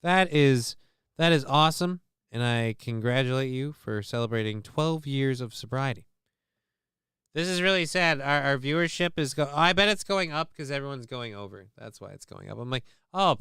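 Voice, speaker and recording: A man's voice: mid-range voice, animated, moderate pace, fairly bright tone, clear, resonant tone, no echo, clean studio sound. A man hosting a livestream show, chatting casually with a profane, sarcastic, rambling manner.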